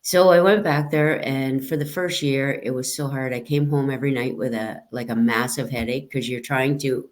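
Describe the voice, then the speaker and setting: Woman telling lively service stories. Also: very deep voice, normal speed, hardly any pauses. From Canada. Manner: lively anecdotal telling with acted-out quotes and many fillers. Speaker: retired military police chief warrant officer, guest. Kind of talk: casual interview storytelling.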